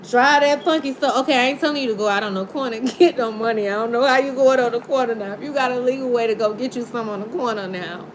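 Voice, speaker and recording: A high-voiced woman talks through a casual tarot reading. She is animated and playful, breaking into laughs and half-singing lines. A faint hiss of noise sits under her voice. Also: fast talker, few pauses, low-quality recording. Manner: animated, laughing, sings along. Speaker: tarot reader.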